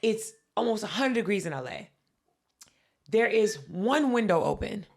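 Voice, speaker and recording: Animated, profane woman podcast host. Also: mid-range voice, moderate pace. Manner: animated, profane, acts out quotes. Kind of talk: casual chat, storytelling.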